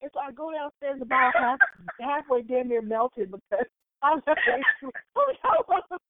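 A woman telling stories in a casual chat, animated and full of laughter, acting out what people said. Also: sits high, moderate pace, background noise. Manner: animated storyteller, big laughs, acts out quotes. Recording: tinny phone-like line, dry.

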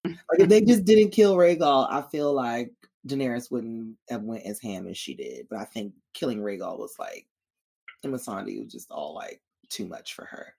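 A woman with a low voice that swoops up and down, chatting casually about a TV episode. She curses freely and acts out the characters' lines with big, lively shifts. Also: normal speed, vocal fry, breathy edge. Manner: animated, profane, acts out characters in quoted voices. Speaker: TV show recap co-host. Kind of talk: casual recap chat.

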